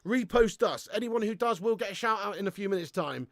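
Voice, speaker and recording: A young man hosting a live football watch-along, excitable and sweary, ranting and chatting with his viewers. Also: sits high, brisk, no room sound, studio quality. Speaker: host of a fan watch-along stream.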